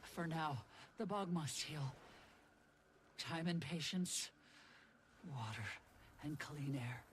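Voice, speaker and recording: A man voicing a solemn male villager in a video game, speaking in slow, grave storytelling. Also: fairly high pitch. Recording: game audio with background noise.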